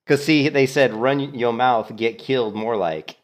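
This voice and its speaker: A man's voice: medium pitch, a little slow. A man giving casual commentary on his gameplay, amused and retelling chat messages. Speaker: game streamer.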